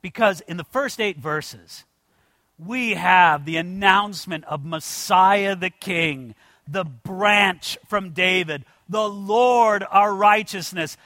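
High, bright-voiced man preaching emphatically. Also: dry recording. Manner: emphatic, addresses the congregation as "friends"; swings from quiet asides to loud, slowed-down declarations. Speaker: pastor. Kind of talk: sermon.

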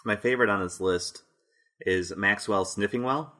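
A man hosts a casual quiz segment on a podcast. His voice sits a little low, and he reads out answers in a playful, easygoing way, often breaking into laughter. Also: normal speed, pushed and bright. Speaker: podcast host running a quiz. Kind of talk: casual comedic chat.

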